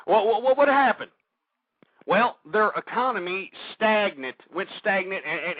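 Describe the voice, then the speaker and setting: A man's voice: sits high, no echo. Ranting talk radio man with a Texan accent. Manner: heated, ranting, swears often, repeats himself. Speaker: radio show host. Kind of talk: political talk radio monologue. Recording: dull lo-fi radio recording.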